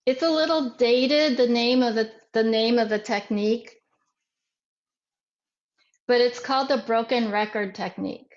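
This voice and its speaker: A woman teaching a self-defense workshop, speaking deliberately with frequent repeats and restarts. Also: a little high. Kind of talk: workshop instruction. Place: online workshop. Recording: echoey, muffled room recording.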